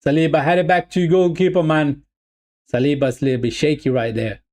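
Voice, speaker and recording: On a live football watch-along stream, a man with a high-leaning voice talks briskly and excitably. He loosely calls the action, repeats himself and speaks straight to viewers, calling them "people."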